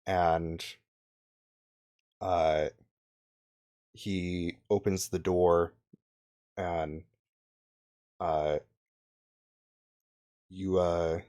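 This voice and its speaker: A young man narrating a tabletop game as game master, halting with many fillers and restarts. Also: low voice, flat delivery, darkish tone.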